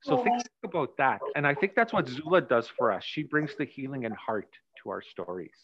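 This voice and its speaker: A man's voice: medium pitch, animated, moderate pace, fairly bright tone, breathy edge. A man coaching actors during a rehearsal, talking things through reflectively and telling stories from his own stage work. His voice comes through a dull, muffled video call. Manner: reflective, storytelling explanations. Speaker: director and acting coach.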